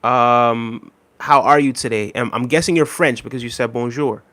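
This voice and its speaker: A man's voice: medium pitch, normal speed. Easygoing young man streaming live. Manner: easygoing, many ums, friendly shout-outs to viewers. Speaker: live streamer reading viewer chat. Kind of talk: casual live stream chat.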